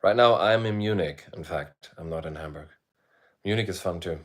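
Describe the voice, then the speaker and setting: A middle-aged band musician hosts a livestream indoors while away travelling, reading viewer comments and telling a long, rambling story. His voice is low and moderately paced, and he is laid-back and swears freely.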